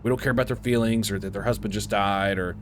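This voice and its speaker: A man's voice: lowish voice, steady tone, quick pace, background noise. A young man giving casual, hyper Let's Play commentary, chatty and prone to mumbling and laughing. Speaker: gaming YouTuber.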